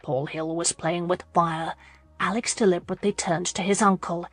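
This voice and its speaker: A woman narrating a romance audiobook in a steady, measured way. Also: on the low side, dry recording, soft background music. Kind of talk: scripted narration.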